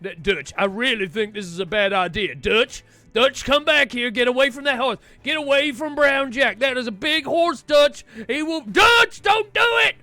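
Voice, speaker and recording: A man's voice: sits high, bright, forceful tone, no echo, heavily acted. A man voicing an exasperated, weary male outlaw who pleads and complains in a drawling way.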